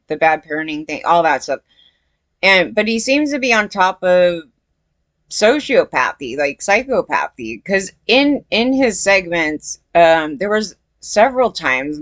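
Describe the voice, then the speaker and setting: Rambling low-voiced woman vlogger. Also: fairly bright tone, dry recording. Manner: rambling, full of fillers and self-corrections; questioning, unsure, often says she doesn't know. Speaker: commentary vlogger. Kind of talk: casual commentary to camera.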